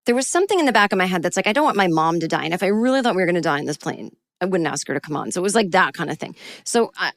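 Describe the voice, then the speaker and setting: A woman's voice: fairly low pitch, dry recording, clean studio sound. Wry woman telling a story. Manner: wry, self-deprecating, animated retelling. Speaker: podcast host and comedian. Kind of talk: solo storytelling monologue.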